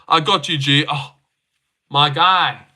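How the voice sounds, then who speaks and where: Young guy live streaming off his phone, super bright voice, slightly high, jokey and loose with the swearing. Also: steady tone, takes it slowly. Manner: chatty, joking, swears casually. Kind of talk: casual live stream chat reading comments.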